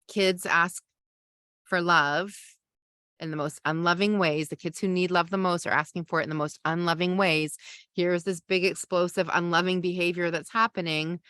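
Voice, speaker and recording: Woman, middle-aged, podcast host, calm gentle coaching, soft sighs, lowish voice, dry close sound. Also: no echo. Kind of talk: teaching a parenting masterclass.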